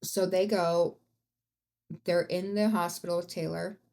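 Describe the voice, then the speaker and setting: A woman's voice: lowish voice, fairly even intonation, measured pace, vocal fry, darkish tone. A woman hosting a podcast, telling a true-crime story in a casual, blunt and profane way, with rising outbursts. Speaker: podcast host.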